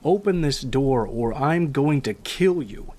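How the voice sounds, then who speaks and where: A man's voice: mid-range voice, animated, slow, darkish tone. A man voicing a clingy young woman stalker in a childish baby voice within a horror story reading. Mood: creepy.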